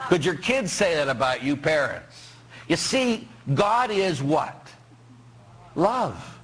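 A priest from Pittsburgh giving a sermon, joking and asking the congregation rhetorical questions. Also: male voice, a little high, slow pace. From Pittsburgh, USA. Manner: animated, jokey preaching with rhetorical questions to the congregation. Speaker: parish priest.

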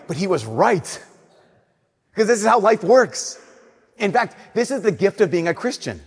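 Husky-voiced man preaching in a church. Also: sits high, normal speed, long pauses. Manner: lively storytelling, acting out remembered dialogue. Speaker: Catholic preacher. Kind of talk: sermon. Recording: long church reverb.

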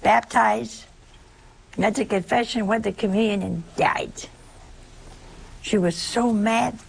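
A woman preaching an informal sermon in a conversational way, asking rhetorical questions and suddenly leaping up in pitch for emphasis. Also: slow pace, creaky, slight background noise.

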